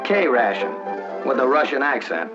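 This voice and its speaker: A man's voice: mid-range voice, sing-song, normal speed. A man narrating a 1940s wartime documentary as one of the flyers, in a wry, folksy, joking manner. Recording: dull 1940s film soundtrack with music.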